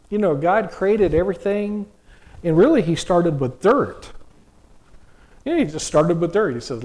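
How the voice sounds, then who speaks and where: A man's voice: fairly high pitch, animated, moderate pace, a little mellow. A middle-aged man preaching a sermon in a folksy, conversational way, full of restarts and rhetorical questions.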